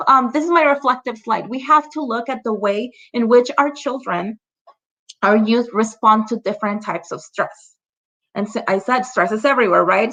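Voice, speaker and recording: A woman's voice: fairly high pitch, pushed and bright, rough recording. A woman leading an online training for parents, talking conversationally, checking in often with "right?" and "you know" and laughing lightly between examples.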